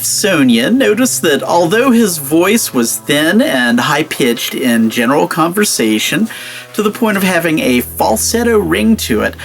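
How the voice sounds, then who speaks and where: A male host delivers a scripted narration in a somewhat high voice. His pitch moves up and down a great deal, which keeps it animated and expressive. Faint music plays underneath.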